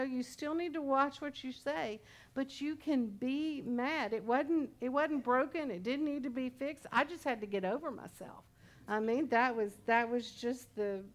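A woman pastor in her sixties preaching a sermon in a conversational, storytelling way with humorous asides. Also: a little high. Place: church service.

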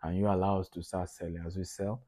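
A man's voice: deep voice, little pitch movement, fast talker, mellow, no echo. A middle-aged man from Nigeria giving a conversational business lecture to entrepreneurs, often repeating his points for emphasis.

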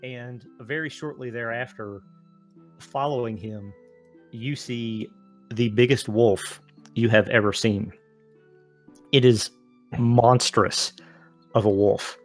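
A man narrating a tabletop game as game master, with dramatic descriptions and filler pauses. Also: medium pitch, steady tone, faint music behind.

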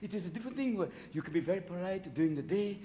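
A man doing live stand-up comedy on a theater stage, manic and rapid-fire with lots of cursing. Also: high-pitched, animated, warm tone, a little hiss or hum. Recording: live theater audience laughing.

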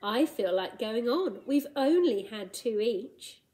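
A woman's voice: on the high side, animated, takes it slowly, warm tone. A woman voicing a steadfast male iron giant robot hero who talks in a firm, matter-of-fact way in a storybook reading.

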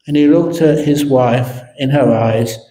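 Monk teacher, playful storyteller, unhurried delivery, roomy hall sound. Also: male voice, medium pitch. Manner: humorous storyteller, animated and playful. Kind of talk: evening Q&A dharma talk. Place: meditation centre hall. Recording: echoey hall.

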